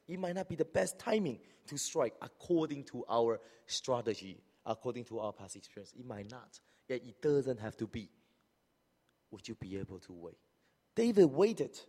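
Animated male preacher in a reverberant church. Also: husky. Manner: animated, acts out hypothetical speakers with rising pitch. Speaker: pastor. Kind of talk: sermon. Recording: long hall reverb.

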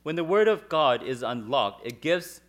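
A man interpreting a sermon phrase by phrase, measured and steady, at times reading scripture aloud. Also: mid-range voice.

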